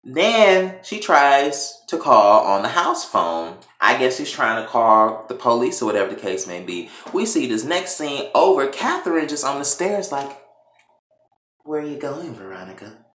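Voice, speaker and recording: A man casually recapping a TV episode, telling it in an animated, profane way. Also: mid-range voice, a little slow, hardly any pauses. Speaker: TV show reviewer. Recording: echoey room.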